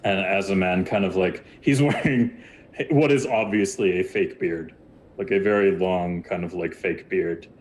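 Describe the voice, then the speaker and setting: A man guides a tabletop game as game master, talking loosely and chattily through each scene. His voice sits on the low side. A faint rumble runs beneath the recording. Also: unhurried. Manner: casual, filler-heavy narration.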